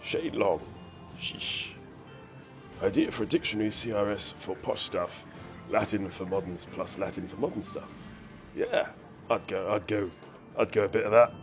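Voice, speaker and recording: During casual live-stream commentary, a man with a lowish voice talks at a moderate pace broken by long pauses. He rambles whimsically as he plays, sounding a bit ill yet hyper, and faint game music plays in the background.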